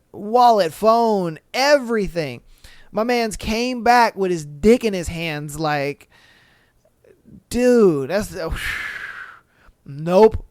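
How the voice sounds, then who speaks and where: A male podcast host reads stories aloud at an unhurried pace and breaks in with profane, animated reactions. His voice is smooth and clear on a close mic. The room is dry and free of echo. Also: high voice. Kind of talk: reading stories aloud with casual commentary.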